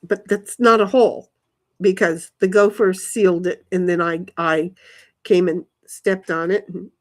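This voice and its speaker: A woman's voice: lowish voice, fairly even intonation, a little slow. A woman live streaming from her backyard, rambling casually to herself and her chat and swearing now and then. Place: backyard, outdoors.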